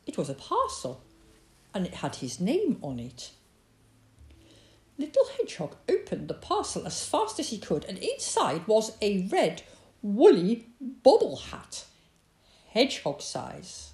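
A woman reading a children's picture book aloud in an expressive, sing-song storytelling manner. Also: mid-range voice, unhurried, echoey room.

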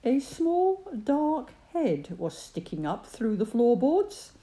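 A woman reading a children's story aloud in an expressive, sing-song way. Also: on the high side, slow pace.

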